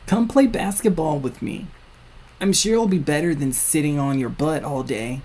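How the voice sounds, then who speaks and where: A man voicing an outgoing young boy in a high, coaxing voice. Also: moderate pace, darkish tone, natural voice. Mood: friendly.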